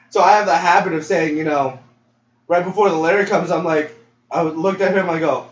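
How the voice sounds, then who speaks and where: A man's voice: on the high side, moderate pace. A young man co-hosting a podcast, telling a story casually, acting out quotes and laughing often. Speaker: podcast co-host. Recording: roomy, distant, dull lo-fi mic with faint noise.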